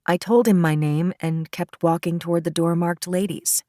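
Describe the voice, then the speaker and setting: A woman's voice: lowish voice, steady tone, mellow, dry recording, clean studio sound, close to an everyday voice. Woman reading a shaken female witness. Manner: halting, hesitant testimony.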